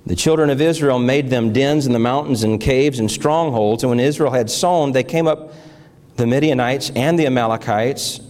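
A man's voice: mid-range voice, a little mellow. A middle-aged male pastor preaching, reading scripture aloud and telling of his morning, with emotional, fervent swells.

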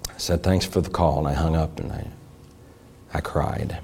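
An older man preaching a sermon as a pastor, impassioned, moving between raised pleading and hushed confession. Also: extremely low pitch, fairly even intonation, moderate pace, vocal fry, a little hiss or hum.

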